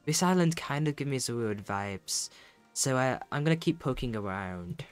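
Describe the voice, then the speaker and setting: A man's voice: medium pitch, expressive, moderate pace, clean tone, soft background music, natural voice. A man reading aloud the lines of a teasing woman rancher who is a rival and mentor, putting on a character voice for game dialogue. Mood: sly. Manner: teasing, casual read-aloud delivery.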